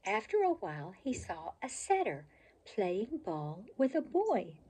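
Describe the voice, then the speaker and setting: An older woman reading a picture book aloud as a storyteller, in an expressive, slow and animated way. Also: medium pitch, slightly rough.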